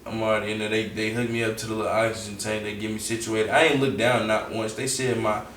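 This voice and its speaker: A man's voice: on the low side, fast, soft background music. Young southern guy telling a wild story, acts out all the voices, sounds far off the mic in an echoey room. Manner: animated, acts out quotes, heavy slang and profanity. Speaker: interview guest. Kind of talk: casual storytelling. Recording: roomy echo, off-mic, faint background noise.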